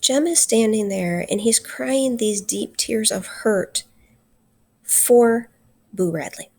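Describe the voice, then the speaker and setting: Woman teacher, gravelly voice, fairly high pitch, earnest lesson delivery. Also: warm tone. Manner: earnest, slows down for emphasis. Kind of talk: recorded literature lesson.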